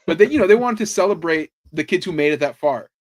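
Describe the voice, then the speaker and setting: A man on a podcast telling sports stories in a casual, animated way, swearing freely and saying "like" a lot. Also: on the high side, fast talker. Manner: animated storytelling, swears freely, lots of "like" fillers. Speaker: podcast host. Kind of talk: casual chat.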